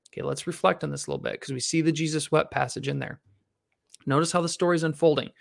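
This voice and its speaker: Gravelly man teaching a Bible class. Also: fairly high pitch. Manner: reads scripture slowly, then explains in a lively, questioning way. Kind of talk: scripture reading and teaching.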